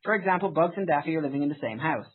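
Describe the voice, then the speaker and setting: A man's voice: a little high, expressive, very fast, slight background noise. A man co-hosting a casual podcast chat about cartoons, sarcastic and given to exaggerated rants. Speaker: podcast co-host. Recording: phone-like narrow sound.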